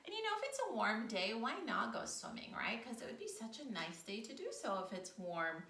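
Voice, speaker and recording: Bright, bubbly woman leading kids yoga. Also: fairly high pitch, moderate pace, a little hiss or hum. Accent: American. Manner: animated, encouraging, playful animal sounds. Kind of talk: storytime yoga for children. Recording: echoey room, far from mic.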